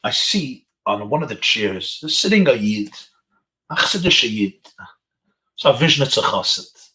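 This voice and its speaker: A rabbi's inspirational webinar talk to teenagers is full of stories laced with Yiddish and Hebrew phrases. His mid-range voice has a sharp tone and a sing-song lilt, and he keeps a measured pace.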